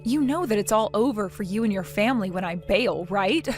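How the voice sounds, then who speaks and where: A woman voicing a defiant daughter-in-law in a text-message story, sarcastic and mocking, with soft music behind. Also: medium pitch, lively intonation, brisk, close to an everyday voice. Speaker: narrator of the story.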